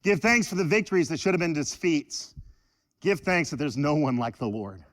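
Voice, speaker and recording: A man preaching a sermon in church, animated and joking with the congregation. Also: on the high side, normal speed, in a large hall. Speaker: pastor.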